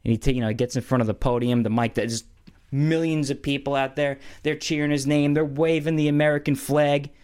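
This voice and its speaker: A man's voice: mid-range voice, fairly even intonation, fairly quick, a little mellow, smooth. A man casually rambling about movies, with lots of fillers and slang. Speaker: movie reviewer. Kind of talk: casual chat.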